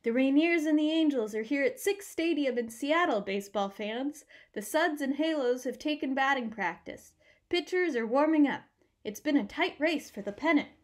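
A woman reading aloud voices an old-time male radio baseball announcer with a nasal voice and brisk play-by-play patter. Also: high voice, animated, pitched above the performer's own voice. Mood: excited.

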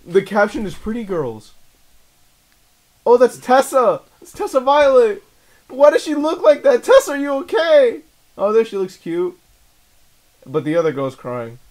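A man's voice: sits high, lively intonation, normal speed, pauses often, a little mellow. A young man co-hosting a podcast, chatting casually, joking and swearing, laughing often. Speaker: podcast co-host. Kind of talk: casual chat.

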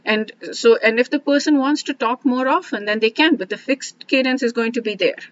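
A woman talking through relationship advice in a casual, reflective monologue, often restarting and trailing off softly. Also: fairly high pitch, brisk, highs cut off. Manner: thoughtful, many restarts and asides, trails off softly. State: briefly emotional, near tears. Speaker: self-help vlogger.

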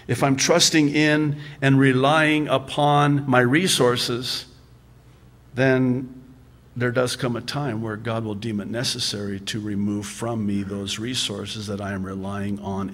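A male pastor preaching a sermon in a conversational, humorous way, often restarting his sentences with a stammer. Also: lowish voice.

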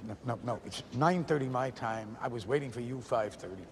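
An actor playing an intense, volatile male stage star on a phone call, lovesick and swinging from low brooding menace to shouting. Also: a little fast, background noise, close to an everyday voice. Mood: irritated.

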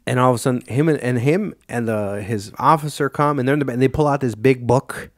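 A man's voice: medium pitch, fairly quick, dry recording, clean studio sound. A young man hosting a podcast, telling a rambling, profane story in casual chat and quoting himself and others along the way. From Illinois, United States. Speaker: podcast host.

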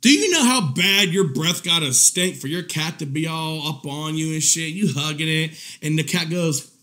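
A man giving casual reaction commentary in a profane, mocking, animated way, often breaking into laughter. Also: fairly high pitch, moderate pace. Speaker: commentary vlogger.

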